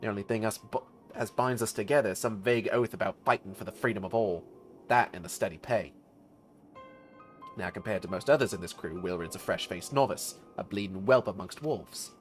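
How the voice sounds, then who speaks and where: A man voicing a gruff veteran male mercenary officer, talking bluntly with rough slang. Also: lowish voice, brisk, soft background music, natural voice.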